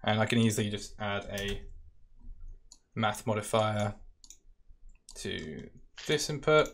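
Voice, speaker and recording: A man with a British accent, casually talking through a software demo step by step in a live-stream Q&A. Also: fairly low pitch, slow. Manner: casual, talks through steps while clicking. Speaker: product specialist demoing software.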